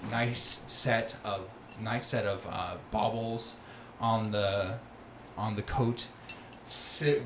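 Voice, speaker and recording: Male game master, unhurried descriptive narration, roomy room, music underneath. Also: on the low side, background noise. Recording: roomy sound with music bed.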